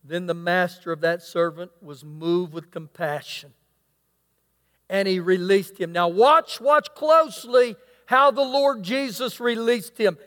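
Preacher, male, unusually high pitch, emphatic sermon delivery in a reverberant church. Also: measured pace, pushed and bright. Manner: preaching, reading scripture aloud with emphatic asides. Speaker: pastor. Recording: long hall reverb.

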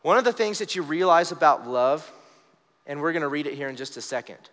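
A young man delivers a sermon at a live church service in a relaxed, storytelling manner, acting out quoted lines. His voice sits a bit high for a man. The sound carries a long hall reverb. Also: fairly quick. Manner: conversational, storytelling with acted quotes. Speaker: pastor.

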